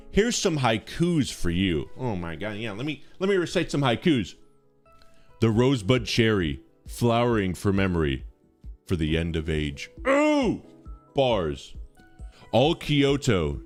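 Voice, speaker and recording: A man streaming live, chatting with his chat, talking casually and mock-pompously while reading verse aloud. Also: mid-range voice. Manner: mock-pompous, swings between big dramatic readings and mumbled asides.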